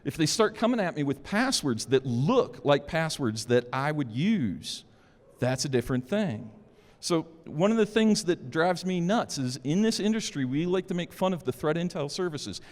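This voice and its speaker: A man's voice: fairly high pitch, big pitch swings, normal speed. A man giving a security conference talk in an informal, joking way. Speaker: conference speaker. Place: conference hall. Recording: long hall reverb.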